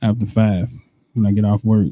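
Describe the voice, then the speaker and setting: A man's voice: on the low side, level tone, moderate pace, mellow, no echo. A man joking around casually on a radio talk show. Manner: joking, laid-back. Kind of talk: casual chat.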